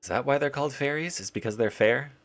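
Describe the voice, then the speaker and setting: A man's voice: medium pitch, quick pace, fairly bright tone. A young man streaming a game live, rambling and joking to himself and to his chat. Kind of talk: casual live-stream commentary.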